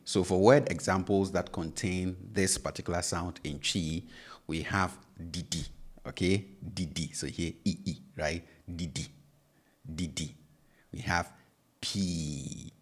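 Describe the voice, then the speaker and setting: A man's voice: sits low, slightly rough. A man with a Ghanaian English accent, a native Twi speaker, teaching pronunciation patiently and repeating each sound. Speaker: language teacher. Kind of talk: online lesson.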